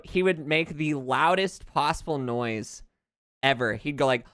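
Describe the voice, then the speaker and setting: A young man with a light Southern accent chats casually while streaming, wandering off on tangents and laughing between thoughts. His voice is bright and smooth. The sound is dry and close, with no room around it. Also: a little high, no echo. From southern United States. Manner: rambling, drifts into tangents and laughs often. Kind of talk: casual chat while gaming.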